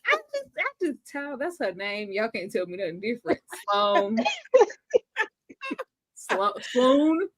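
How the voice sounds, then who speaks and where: A woman's voice: fairly high pitch, sing-song, slow pace, long pauses, a bit bright, no echo, clean studio sound. A woman with a Texas accent on a casual TV review panel, giggly and playful.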